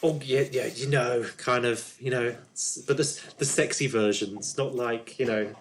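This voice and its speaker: A man's voice: medium pitch, fairly even intonation, normal speed, a little hiss or hum, close to an everyday voice. A man voicing a nervous, chatty woman neighbour in a tabletop game, rambling and hesitant with many ums and restarts. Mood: gossipy, nervous.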